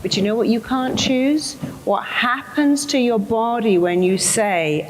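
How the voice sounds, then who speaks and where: A woman's voice: on the high side, a little slow, hardly any pauses, slight background noise, rough recording. Emphatic woman giving a motivational talk. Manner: lively, emphatic, acts out inner voices. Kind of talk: motivational talk to a live audience.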